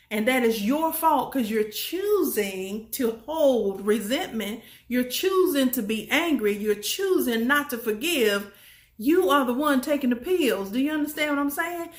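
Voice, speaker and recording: Brief: woman speaker, motivational talk, emphatic and folksy, fairly high voice, roomy echo. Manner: emphatic and repetitive, folksy, asks the audience questions.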